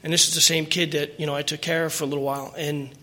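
A man's voice: on the high side, flat delivery, rapid-fire, pushed and bright. A middle-aged man telling his personal recovery story at a meeting, earnest and emotional, rambling with restarts.

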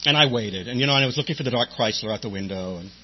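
A man's voice: mid-range voice, rapid-fire, breathy edge. A middle-aged man telling a humorous personal story about his recovery, wry and self-mocking, with many "and, um" fillers. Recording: dull lo-fi recording with faint hum.

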